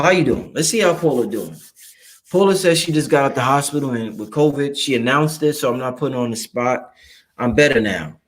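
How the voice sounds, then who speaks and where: Over a faint hiss or hum, a medium-pitched Brooklyn man casually hosts a livestream, swearing as he reads viewer chat and replies. His delivery is animated and streetwise, aimed straight at his viewers.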